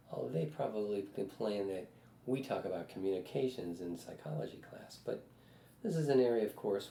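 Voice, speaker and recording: A man's voice: on the low side, gravelly, warm tone. A man in his sixties giving a conversational psychology lecture, telling personal stories and putting questions to the class. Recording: echoey room with faint noise.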